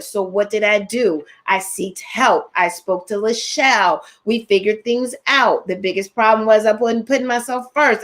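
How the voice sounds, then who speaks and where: A woman's voice: a little high, fairly bright tone. A woman, a fitness trainer and co-host, frankly telling a personal story with casual slang and self-mocking humor. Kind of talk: candid personal story on a talk show.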